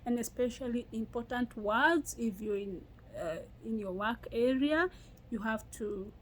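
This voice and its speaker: Young Kenyan woman, casual vlog chat, lively storyteller, slightly high. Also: unhurried, breathy edge, low-quality recording. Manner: animated storytelling with frequent laughs and restarts. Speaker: vlogger.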